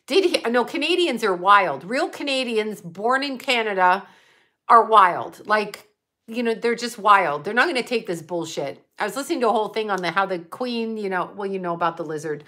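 Bright-voiced woman ranting on a livestream. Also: mid-range voice, animated, normal speed. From Buffalo area, US. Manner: rambling, profane, reads chat comments aloud. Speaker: livestream host. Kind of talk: casual livestream chat.

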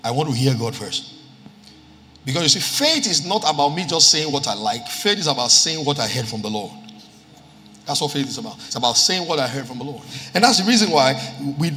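A man's voice: on the high side, pushed and bright, a little hiss or hum. A man preaching a sermon as pastor, quoting scripture and repeating key lines for emphasis. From Nigeria. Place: church hall with live congregation. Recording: reverberant church hall with music.

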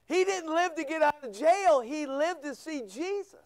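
A male pastor preaching a sermon, firing rhetorical questions and sharp asides at his congregation. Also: very high voice, animated, moderate pace, dry recording. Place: church.

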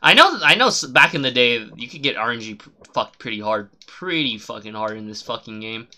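A man streaming a game live, chatting casually and swearing a lot, rambling and then shouting suddenly at the game. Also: mid-range voice, lively intonation, brisk. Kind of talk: casual live gameplay commentary.

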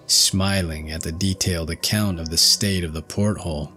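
A man narrating a ghost story in measured, unhurried first person. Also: low-pitched, steady tone, bright, forceful tone, faint music behind. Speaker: audiobook narrator.

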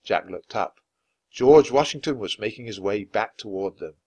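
A man reading a children's chapter book aloud clearly and expressively for language learners. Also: on the low side, expressive, normal speed, a little mellow, no room sound. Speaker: storybook reader.

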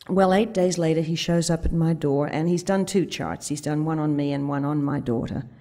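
A woman's voice: sits low, normal speed, dark tone. A woman speaking at a conference, telling a vivid anecdote and quoting the dialogue along the way. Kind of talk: storytelling talk. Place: conference stage before an audience.

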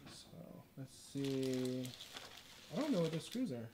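A man's voice: medium pitch, big pitch swings, slow pace, very noisy. Rambling man livestreaming a PC build. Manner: rambling, self-deprecating, easily distracted. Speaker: livestreaming artist. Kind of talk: casual livestream chat while building a PC.

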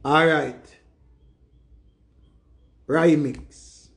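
Grieving Jamaican man, higher voice. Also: steady tone, extremely slow, vocal fry. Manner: emphatic, repetitive, speaks in Jamaican patois. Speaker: vlogger. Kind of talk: emotional monologue to camera.

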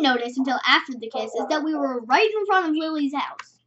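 Brief: high-pitched girl vlogger, chatty and animated, reading her story, muffled lo-fi mic. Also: brisk, hardly any pauses, crowd noise. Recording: muffled lo-fi recording.

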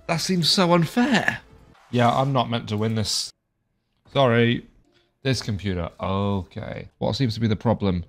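A man's voice: mid-range voice, unhurried, a bit bright, soft background music. A young man casually commentating his video game play, joking and reading the game's dialogue aloud. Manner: chatty, jokey, reads game dialogue aloud. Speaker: gaming video creator.

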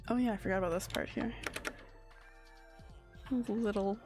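A woman who streams games talks over her play in a sleepy, wandering manner, regularly reaching for words. Her mid-range voice is steady and a little mellow, the pace moderate, with faint music behind.

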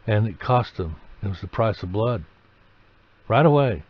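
A man preaching a sermon, telling the story dramatically and breaking into sudden loud, emphatic bursts. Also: on the low side, expressive, normal speed, slightly rough, lo-fi sound.

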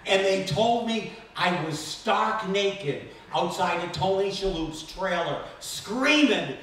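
A man in his fifties does stand-up on a stage, with a high, bright voice that leaps around as he tells his jokes. His delivery is animated and self-deprecating. He sounds far from the mic, and the room gives back a strong echo. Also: a little slow, very noisy. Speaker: stand-up comedian. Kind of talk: stand-up comedy set. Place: stage at a benefit concert in a temple. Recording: echoey room from far off with faint ambience.

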